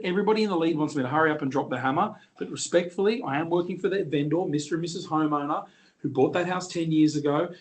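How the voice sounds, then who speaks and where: Man, middle-aged, auctioneer, confident, joking, slightly high pitch. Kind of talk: storytelling in an interview.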